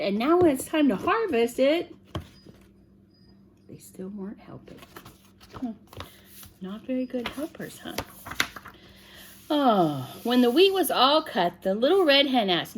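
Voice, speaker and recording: A woman reads a picture book aloud in a slow, gentle way, her voice rising and falling a great deal. She pauses to ask the young listener questions. A faint hum runs under the recording. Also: fairly high pitch, wildly swooping pitch. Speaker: storyteller reading to children.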